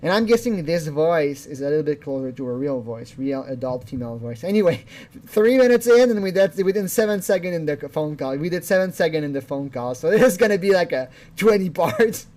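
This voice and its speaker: A man's voice: on the high side, lively intonation, a little fast, a little mellow. A man hosting a casual video commentary, rambling along with chuckles and restarts. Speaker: channel host.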